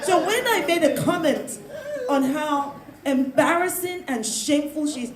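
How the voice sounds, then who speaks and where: Loud, emphatic woman with a high voice in a roomy space, laughing between points as a panel guest. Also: expressive, a little slow, crowd noise. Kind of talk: opinionated panel discussion. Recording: roomy, echoey sound.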